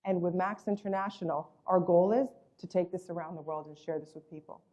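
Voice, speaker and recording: A woman's voice: fairly low pitch, fairly even intonation, fairly quick, dark tone, highs cut off. A woman presenting a network marketing business and its products, speaking emphatically, with repeated superlatives and a storyteller's habit of acting out quotes. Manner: acts out quoted voices in storytelling. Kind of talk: sales presentation.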